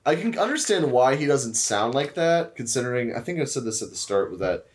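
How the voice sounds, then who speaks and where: A man on a podcast with a lively voice that swings up and down as he talks. His chat is casual and jokey, mid-pitched for a man. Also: a little fast. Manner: lively, jokey, laughs often. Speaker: podcast co-host.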